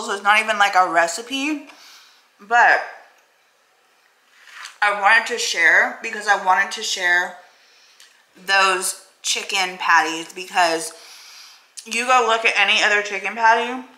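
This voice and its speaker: A woman's voice: mid-range voice, pushed and bright. A woman vlogging straight to camera, emotional, blunt and self-affirming, who cusses freely. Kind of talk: candid talking-to-camera vlog. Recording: roomy echoey room.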